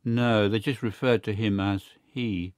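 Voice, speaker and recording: A man voicing a cool, confident male secret service agent who talks briskly and matter-of-factly. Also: fairly low pitch, fairly even intonation, darkish tone, clean tone, dry recording, clean studio sound, lightly acted.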